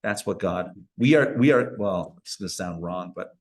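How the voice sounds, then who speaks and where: A rabbi giving a live Torah lecture to an audience at a community center, talking in a conversational way with playful asides to the listeners. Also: male voice, sits low, animated, moderate pace. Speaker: rabbi teaching a class.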